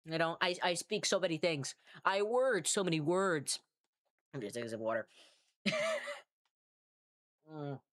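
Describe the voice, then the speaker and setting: Low-voiced tired woman chatting while drawing. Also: expressive, a little slow, pauses often. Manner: rambling, self-mocking, swears freely. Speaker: artist streamer. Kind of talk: casual livestream chat while drawing.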